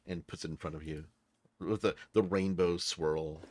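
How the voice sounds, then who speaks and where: A man's voice: sits low, fairly even intonation, normal speed, darkish tone, dry recording. A man narrating as dungeon master of a tabletop game, laid-back and playful. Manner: laid-back, playful, slips into character voices.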